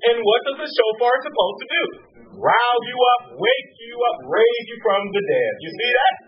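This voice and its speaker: A man preaching a sermon, swinging from high exclamations down to low hushed tones. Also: expressive, normal speed. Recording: distant mic, muffled sound, faint hum.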